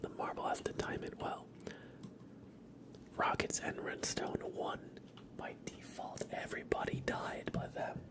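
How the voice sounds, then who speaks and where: A man hosts a live ASMR stream, whispering his commentary softly and in a low-key way, his nose stuffy. He's close to the mic, speaks slowly, and cheers on the viewers in chat.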